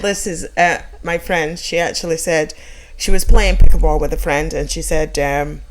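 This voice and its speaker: A woman co-hosting a casual chat, tossing in dry quips and laughing along. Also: fairly low pitch. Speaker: co-host.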